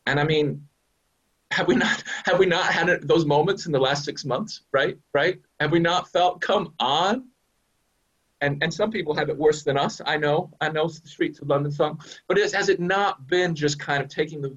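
Man, minister, conversational sermon, husky, slightly raised pitch, dull lo-fi recording. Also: moderate pace. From USA. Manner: conversational, animated, frequent "right?" asides.

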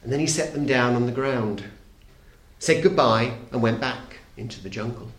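A middle-aged man reading a children's story aloud to an audience, playful and expressive, dropping very soft for suspense. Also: medium pitch, normal speed. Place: talk hall. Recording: echoey hall.

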